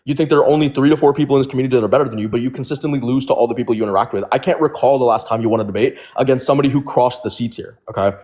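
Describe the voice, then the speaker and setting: A man's voice: medium pitch, racing, few pauses, a little mellow. A man speaking as a debater in an online debate, combative and lecturing as he challenges his opponent.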